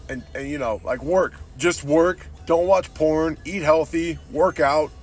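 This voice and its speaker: A man's voice: a little high, unhurried, soft background music. A man hosting a podcast, ranting casually and bluntly, swearing often and calling everyone "dude". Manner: profane, says "dude" constantly; blunt and opinionated. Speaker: podcast host.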